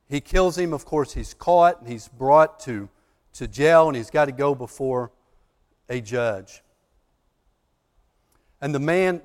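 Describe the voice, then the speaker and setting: Preacher man in a reverberant hall. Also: on the high side. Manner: storytelling, acts out the judge and the accused, builds to loud emphatic peaks. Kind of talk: sermon.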